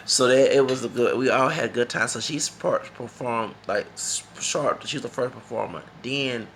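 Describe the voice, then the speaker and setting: A man's voice: mid-range voice, moderate pace, fairly bright tone, slight background noise. A man from Texas, talking in a rambling, emphatic casual monologue that repeats itself and slips into Spanish phrases. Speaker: vlogger.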